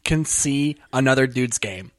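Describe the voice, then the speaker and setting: A man's voice: mid-range voice, lively intonation, measured pace, dry recording, studio quality. A man who is a comic, talking in a laid-back, rambling way in a casual podcast chat.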